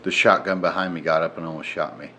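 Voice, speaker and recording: A tipsy man co-hosting a podcast in casual chat, joking loudly, laughing and swearing a lot. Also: low voice, steady tone, quick pace. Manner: loud, profane, joking, laughs often. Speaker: podcast co-host.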